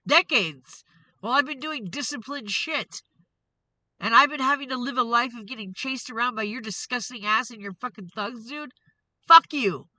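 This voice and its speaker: A woman's voice: on the high side, pushed and bright, dry recording, rough recording. A woman hosting a tarot reading vlog, ranting in an angry, profane, confrontational way. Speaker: tarot reader and show host.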